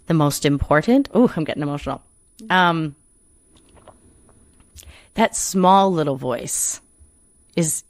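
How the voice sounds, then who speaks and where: A woman's voice: lowish voice, dry recording. A woman who performs and coaches, talking earnestly in an interview, rambling a little and restarting her sentences often. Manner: earnest, rambling with many restarts and "you know". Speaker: performer and coach, podcast guest. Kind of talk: reflective interview conversation.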